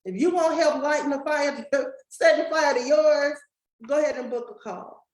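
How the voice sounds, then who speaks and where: A woman's voice: sits high, moderate pace, reverberant, poor audio. A woman giving a folksy motivational talk to a live and online audience, speaking straight to the crowd. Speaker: summit speaker and coach.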